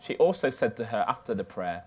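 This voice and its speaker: A man's voice: on the low side, animated, a little fast, a little mellow, a little hiss or hum. A man preaching a sermon from the United Kingdom, telling a personal story in a loose, conversational way.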